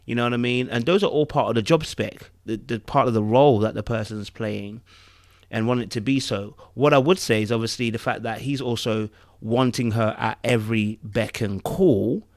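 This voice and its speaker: A man's voice: mid-range voice, normal speed, dry recording, studio quality. A man co-hosting a casual review podcast, thinking aloud with rhetorical asides and frequent restarts. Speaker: podcast co-host.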